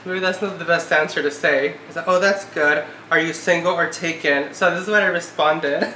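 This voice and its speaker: A woman in her twenties talks through a casual vlog, her words full of "like" and a note of exasperation. Her voice has a bright, sharp edge. The recording has a roomy echo. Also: on the low side, steady tone, normal speed, a little hiss or hum. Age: 20s. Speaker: vlogger. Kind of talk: casual chat. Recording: echoey room.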